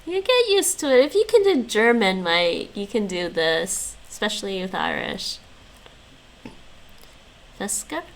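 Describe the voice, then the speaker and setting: A woman's voice: medium pitch, animated, measured pace, long pauses, slight background noise, rough recording. A woman streaming her language practice, repeating words after an app and chatting casually with viewers, often laughing. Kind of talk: casual chat while practising vocabulary.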